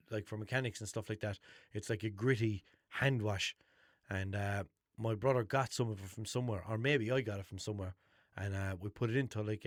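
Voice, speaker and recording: A man's voice: lowish voice, no room sound, clean studio sound. A young man with a Limerick Irish accent, hosting a podcast and telling rambling, sweary stories in an unscripted monologue. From Ireland. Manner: chatty, swears a lot, rambling storytelling with restarts. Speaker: podcast host.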